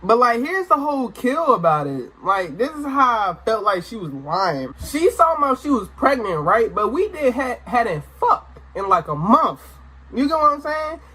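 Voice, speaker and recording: A young adult man telling a story to camera in a casual, animated way, swearing and exclaiming as he goes. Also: very high voice, moderate pace, breathy edge. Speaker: storytime vlogger. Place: indoor room, sit-down recording.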